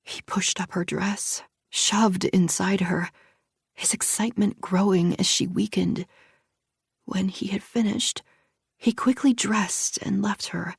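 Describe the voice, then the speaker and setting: A woman narrating a suspense audiobook in a hushed, tense read. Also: medium pitch, steady tone, slow, vocal fry, husky, dry recording, studio quality. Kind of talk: scripted narration.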